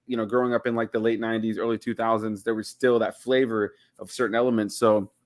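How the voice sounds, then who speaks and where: A man's voice: on the low side, little pitch movement, fast, no echo, clean studio sound. A man in his thirties from Miami, a guest reviewing a film in casual chat, rambling with lots of "like" and "you know". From Miami, United States.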